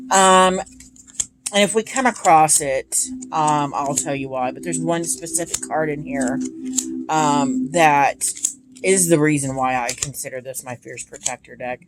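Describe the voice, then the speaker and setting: A woman in her thirties chatting casually and gushing about her tarot decks, with many ums. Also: sits low. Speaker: tarot deck reviewer. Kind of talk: casual chat. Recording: noisy home recording.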